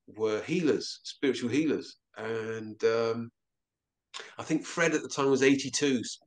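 A man telling a personal story as an interview guest, halting and often repeating himself. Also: medium pitch. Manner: halting, with frequent stammered repeats.

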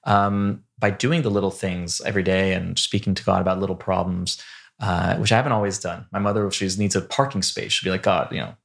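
A man's voice: low-pitched, steady tone, brisk, gravelly. A young adult man, a rabbi guest on a podcast, explaining ideas earnestly in casual talk with everyday examples. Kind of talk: casual chat.

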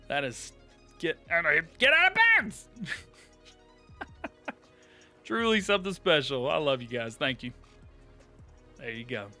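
A man with a drawl hosting a live game stream, chatting casually with viewers, laughing often and thanking them warmly. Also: a little high, slow pace, long pauses. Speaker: live-streaming gamer host. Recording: light game music behind.

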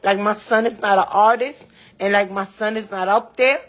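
A woman talks in an interview with raw feeling. Her speech is blunt and outspoken, full of swearing, and her voice has a medium pitch. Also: fairly even intonation, moderate pace. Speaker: interviewee, mother of a rapper. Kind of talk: emotional interview talk.

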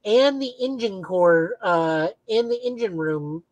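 A woman's voice: mid-range voice, animated, slow pace, darkish tone, no room sound, low-quality recording. A woman co-hosting a casual podcast who recaps comic plots in detail with frequent filler words. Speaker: podcast co-host.

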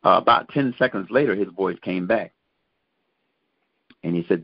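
A middle-aged man, a guest minister, slowly telling his personal religious testimony with many pauses. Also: sits low, slightly rough, no room sound. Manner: slow, measured storytelling with many pauses. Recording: dull, muffled lo-fi sound.

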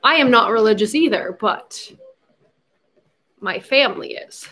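A woman's voice: fairly high pitch, expressive, unhurried, sharp tone. A young adult woman hosting a casual livestream, chatty and giggly, slipping into baby talk with her puppy. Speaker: livestream host.

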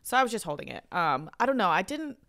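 A woman's voice: medium pitch, sing-song, a bit bright. A woman co-hosting a podcast, telling a story in casual chat, swearing often and filling her talk with fillers. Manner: fast, chatty storytelling with frequent swearing and fillers. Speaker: podcast co-host.

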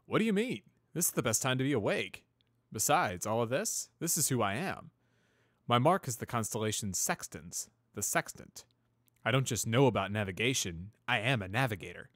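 A man's voice: medium pitch, sing-song, normal speed, a bit bright, no room sound, studio quality, voice pushed up. Man doing a cheerful young stallion navigator. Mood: eager. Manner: upbeat, eager, talkative.

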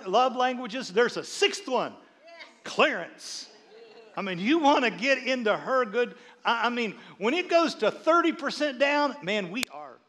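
A middle-aged man preaching a sermon, telling funny stories about his wife and acting out her lines, often repeating words as he builds up. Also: very high voice. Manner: animated, repeats words, acts out his wife's voice. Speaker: pastor. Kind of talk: sermon with humorous storytelling. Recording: long reverb of a large hall.

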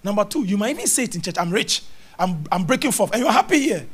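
Male preacher, high and animated, acts out scenes with voices and sound effects. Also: fast. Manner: animated, mimics voices and sounds, laughs and shouts. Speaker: prophet preaching. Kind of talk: lively charismatic sermon.

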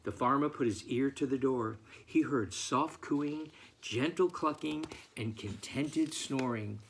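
A man, a picture book author, reading his own story aloud in an expressive, theatrical way. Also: mid-range voice, a little slow, husky.

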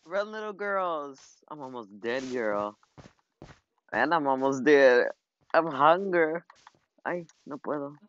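A gamer chatting casually while playing with a friend, excitable and teasing, often gasping and squealing. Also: mid-range voice, slow, pauses often. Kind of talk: casual gameplay chat. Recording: dull lo-fi recording.

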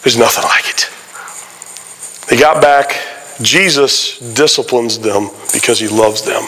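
A man preaching a sermon as a guest pastor, telling stories in an animated way with frequent exclamations. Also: mid-range voice, measured pace, slight background noise, rough recording. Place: church sanctuary.

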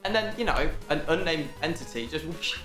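A man's voice: a little high, lively intonation, fairly quick, pushed and bright, reverberant, faint music behind. A young man in casual chat, telling stories animatedly with swearing and laughter. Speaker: guest.

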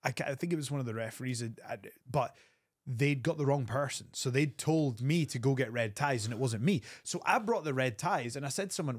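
A man, a wrestler telling an animated backstage story as a guest on an interview show. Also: no echo, studio quality. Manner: animated storyteller, quick bursts of pitch.

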